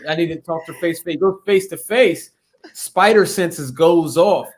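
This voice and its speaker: A man's voice: fairly high pitch, moderate pace. Laid-back slangy man spinning a yarn. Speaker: podcast guest. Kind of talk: casual comedic storytelling.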